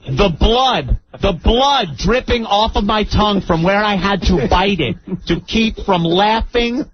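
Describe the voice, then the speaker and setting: A male radio host telling a story in an animated, mock-dramatic way, on a muffled radio broadcast with faint hiss. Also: sits high, unhurried. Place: radio studio.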